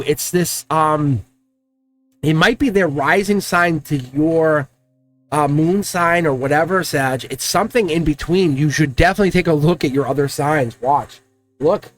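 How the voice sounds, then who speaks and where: A man giving a casual, rambling tarot reading, talking excitedly and directly to the viewer. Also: fairly high pitch. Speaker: tarot card reader.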